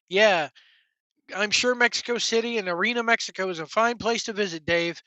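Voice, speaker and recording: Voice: mid-range voice, bright, forceful tone, no room sound, muffled recording. A wrestling news vlogger, ranting bluntly and sarcastically with casual profanity. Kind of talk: casual opinion rant.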